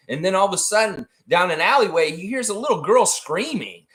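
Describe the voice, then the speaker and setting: Brief: male stream host, casual chat, lively sweeping pitch. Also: brisk. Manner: animated, rambling storyteller. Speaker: livestream host.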